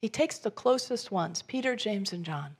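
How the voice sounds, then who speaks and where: A woman preaching a sermon, telling the story with animated voices, rising to loud emphasis and dropping to soft near-whispers. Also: medium pitch, normal speed, breathy edge. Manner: animated storytelling, acting out Jesus' lines. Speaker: pastor.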